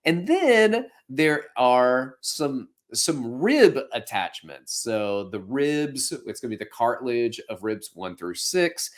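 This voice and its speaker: Lively, joking male podcast host. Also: medium pitch, slow, few pauses. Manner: playful, jokey asides while explaining. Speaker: podcast host and fitness instructor. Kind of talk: casual educational explanation.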